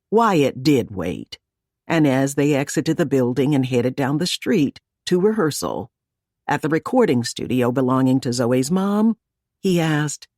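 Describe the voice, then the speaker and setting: Woman narrating an audiobook, low and slow. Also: a little mellow, no echo, clean studio sound. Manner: measured, with voices for each character. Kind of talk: scripted narration.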